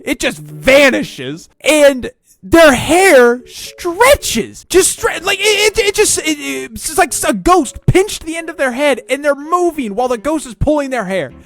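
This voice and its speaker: Animated, stammering video commentator. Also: sits high. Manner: excitable, stammering, full of rhetorical questions.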